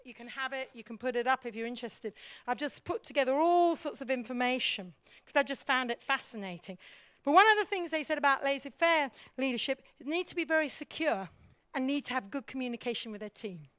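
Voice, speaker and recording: A woman gives a church teaching talk on leadership, speaking fairly quickly in a high-pitched voice with no echo. She's animated, keeps questioning the audience, and acts out the voices of the people she describes.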